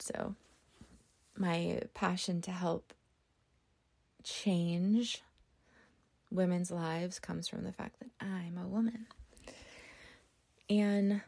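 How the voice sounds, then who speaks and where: A middle-aged woman talks earnestly on her podcast, her feelings close to the surface as she restarts her sentences. Her voice is low, gravelly and warm. The sound is dry and close. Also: dry recording. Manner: earnest, emotional, with many restarts. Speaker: podcast host. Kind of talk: personal testimony podcast.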